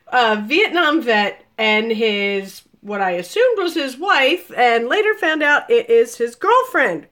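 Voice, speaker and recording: A woman in her forties telling a story on a live video, animated and laughing, with loud exclamations. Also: fairly high pitch, normal speed, few pauses. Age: 40s. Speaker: vlogger.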